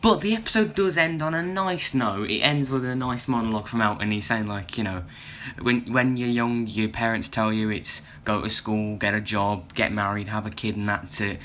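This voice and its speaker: A man's voice: fairly low pitch, moderate pace, fairly bright tone, slight background noise. A young man giving a casual, meandering video review, with lots of restarts and "you know" fillers.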